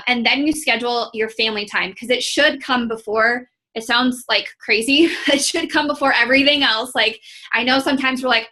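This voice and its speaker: A woman's voice: fairly high pitch, pushed and bright. A young woman from Iowa, a fitness coach, talking on a team call in a chatty, candid, motivational way with many fillers. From Iowa, United States.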